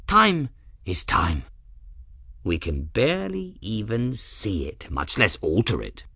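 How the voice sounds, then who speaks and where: A man voicing an eccentric, pompous old male scholar-mage in a storybook, lofty and theatrical, with big leaps in pitch. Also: sing-song, slow, creaky, pushed and bright, slightly rough, no room sound, clean studio sound, full character voice. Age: older.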